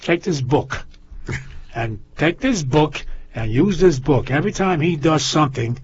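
A man doing a calm advising psychiatrist. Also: a little high, unhurried, slightly rough, dry recording, full character voice. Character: calm male psychiatrist giving advice. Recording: lo-fi muffled audio.

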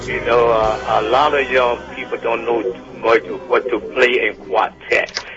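A man hosting a gospel radio show who talks in a lively, pleading way and keeps saying "y'all". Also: medium pitch, unhurried. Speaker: radio host. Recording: dull lo-fi radio sound with faint music.

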